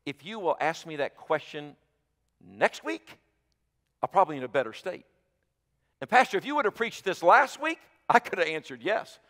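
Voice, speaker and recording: A man preaching a sermon as pastor, moving between quiet, intimate passages and loud, emphatic ones. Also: a little high, sing-song, normal speed, long reverb tail. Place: church sanctuary.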